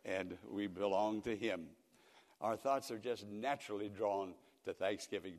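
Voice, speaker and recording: A man's voice: lowish voice, darkish tone. An older male pastor preaching a radio sermon, telling folksy stories and rising to emphatic peaks. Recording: long reverb of a church hall.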